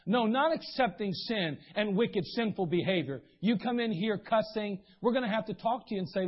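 A man's voice: sits high, animated, brisk, hardly any pauses, lo-fi sound. A man preaching a sermon as pastor, telling stories in a folksy way and acting out the voices of people he quotes. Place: church sanctuary.

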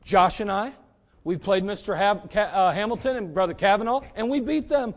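A middle-aged man preaches a sermon with a high voice. He talks in a folksy, easygoing way, dropping joking asides. He keeps hammering home the same rhetorical questions. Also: moderate pace, a faint crowd. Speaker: pastor.

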